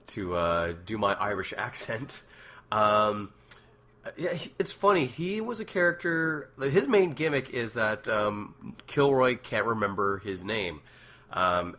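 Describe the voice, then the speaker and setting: A man's voice: fairly low pitch, sharp tone. A man talking casually about making his web series, rambling with many fillers and restarts. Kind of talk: casual commentary.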